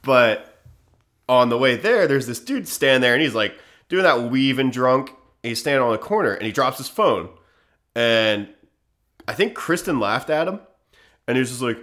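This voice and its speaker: A man's voice: mid-range voice, lively intonation, normal speed, a bit bright. Chill podcast guy telling a story, laughs a lot, does little voices for people. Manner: laid-back, laughs often, acts out quotes. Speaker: podcast co-host. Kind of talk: casual storytelling chat.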